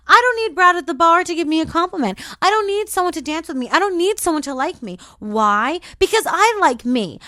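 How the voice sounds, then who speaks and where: Woman host, high and bright-toned, dry booth sound; preachy, emphatic motivational monologue. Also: big pitch swings, fairly quick, no echo. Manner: repetitive, declarative affirmations. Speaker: podcast host.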